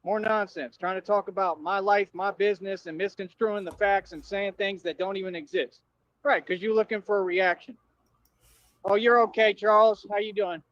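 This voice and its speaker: A man with a notably high voice rants at his audience on a livestream, combative and full of street slang, repeating the same points over and over. The audio is dry and a little dull, with no room sound at all. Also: fairly even intonation, moderate pace, fairly bright tone, no room sound. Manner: confrontational, slangy, repetitive ranting at viewers. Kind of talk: ranting livestream monologue.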